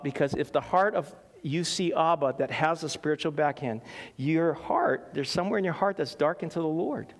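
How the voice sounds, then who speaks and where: Animated pastor, echoing hall. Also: male voice, on the high side, normal speed. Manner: animated storytelling with laughs and acted quotes. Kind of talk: sermon. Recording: long hall reverb.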